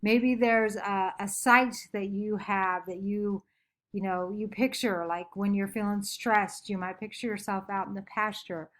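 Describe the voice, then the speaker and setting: A woman teacher talks her class through a lesson in a loose, chatty way. She pokes fun at herself and keeps checking in with the students. Her voice sits at an ordinary middle pitch. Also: fairly even intonation, measured pace, fairly bright tone. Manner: chatty, self-deprecating, asks "okay?" often. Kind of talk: recorded classroom lecture.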